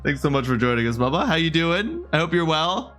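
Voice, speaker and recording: A man's voice: on the high side, very animated, a little fast, fairly bright tone, soft background music. A young adult man live-streaming a game, chatting casually with his viewers, greeting them by name and joking as he trails off mid-sentence.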